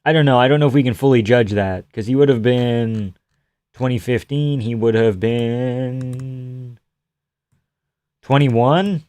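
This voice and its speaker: A man's voice: mid-range voice, normal speed, darkish tone, no room sound. Male streamer, casual rambling chat, reads comments aloud, dry close mic. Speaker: livestream host.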